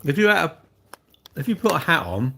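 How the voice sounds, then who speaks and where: A man's voice: fairly high pitch, very animated, fairly quick, vocal fry, sharp tone, slight background noise. A man, chatting cheekily and rambling to his livestream viewers while eating cake with his mouth full.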